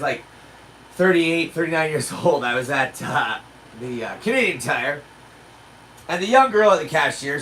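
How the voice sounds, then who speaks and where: Man, 40s, stand-up comic, high and lively, lands punchlines loud, recorded from a distance. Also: a little hiss or hum. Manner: animated storytelling with shouted punchlines. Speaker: stand-up comedian. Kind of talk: livestreamed stand-up rehearsal.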